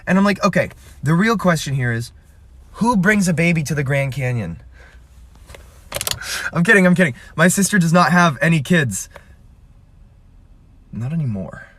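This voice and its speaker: Young man telling dirty jokes deadpan. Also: fairly high pitch. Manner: deadpan storytelling, quick dirty punchlines. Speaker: comedy creator. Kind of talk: joke telling to camera.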